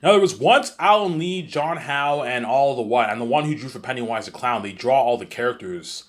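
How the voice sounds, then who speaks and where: A man's voice: mid-range voice, brisk. A man vlogging in a rambling, repetitive monologue with frequent swearing.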